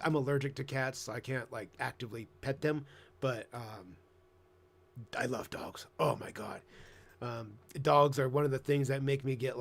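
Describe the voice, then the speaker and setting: A man chatting casually on a live stream, rambling and swearing, now and then jumping into excited high voices. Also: gravelly. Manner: profane, rambling, bursts into excited squeaky voices mimicking himself. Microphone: headset.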